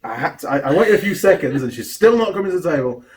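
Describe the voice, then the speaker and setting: Mechanic host, animated pitch, loose chatty storytelling. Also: male voice, fast talker. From New Zealand. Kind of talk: casual chat while building a model kit.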